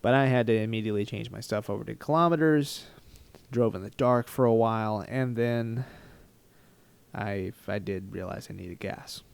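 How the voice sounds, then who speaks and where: A man telling a travel story in a rambling, animated, self-mocking storytime vlog style. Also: lowish voice, moderate pace, creaky, smooth. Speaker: travel vlogger.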